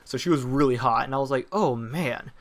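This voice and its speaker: A man's voice: mid-range voice, flat delivery, quick pace. A teenage boy casually telling a personal story in a rambling way, with many fillers and restarts. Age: teens. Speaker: vlogger telling personal stories.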